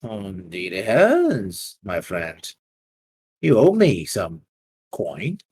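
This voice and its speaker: A man voicing a smug, scheming male moneylender who talks with calm, drawn-out menace in a tabletop game. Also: on the low side, slightly rough, heavily acted. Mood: mocking.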